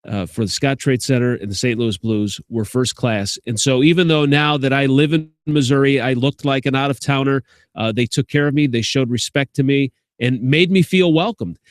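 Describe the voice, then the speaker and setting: A man's voice: mid-range voice, moderate pace, no echo, clean studio sound. Chatty man with a Chicago accent. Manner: chatty, repeats words and restarts, many fillers. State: short on sleep. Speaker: sports commentator. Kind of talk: casual talk to camera.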